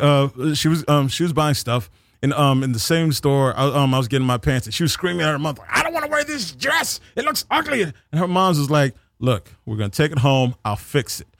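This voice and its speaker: A man's voice: on the high side, no echo, studio quality. A man ranting in a mocking comic way, rambling with many fillers and restarts, and slipping into voices for the people he quotes. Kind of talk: comedic political rant.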